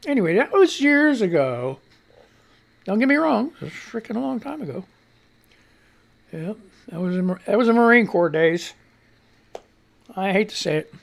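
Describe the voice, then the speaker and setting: A middle-aged man hosts a casual live show, his voice gravelly and a little rough at the edges. He rambles, circles back on his own words and lets sentences trail off, with a sarcastic edge. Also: high-pitched. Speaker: radio show host. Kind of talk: casual chat reading comments aloud.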